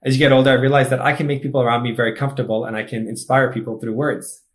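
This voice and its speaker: A man's voice: mid-range voice, level tone, very fast. Chatty man, filler-heavy casual talk. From Egypt. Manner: chatty, peppered with "like", upbeat and self-assured. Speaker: podcast guest, student mentor. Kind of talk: casual conversation.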